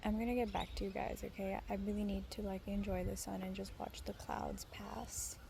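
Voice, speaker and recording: A young woman in a sunny park, talking softly and gushing about nature to a hand-held phone camera. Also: medium pitch, level tone, brisk, gravelly. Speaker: vlogger. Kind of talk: casual vlog to camera. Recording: faint outdoor noise. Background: birds and outdoor ambience.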